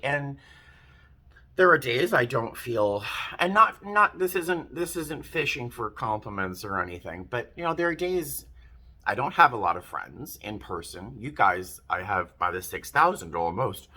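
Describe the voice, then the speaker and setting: A man's voice: medium pitch, very animated, a little slow, sharp tone. A man, telling a personal story in a casual, rambling vlog, often breaking off and restarting his sentences. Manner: chatty, rambling, self-interrupting. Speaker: vlogger.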